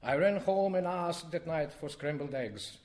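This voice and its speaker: A man reading his own poem to a live audience, with expressive rises and drops in his voice. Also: measured pace. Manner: expressive, wide swings in pitch and loudness. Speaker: poet reading his work. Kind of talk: poetry reading.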